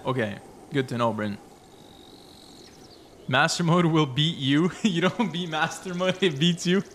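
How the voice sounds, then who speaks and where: A young man live-streaming a game, chatty and excitable, reading chat aloud and reacting playfully. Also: fairly high pitch, a little hiss or hum.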